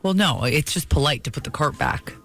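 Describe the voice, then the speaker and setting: A man's voice: fairly high pitch, lively intonation, brisk, fairly bright tone. A man co-hosting a morning radio show, reading listener texts and arguing his point earnestly. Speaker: radio co-host. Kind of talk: casual morning radio chat.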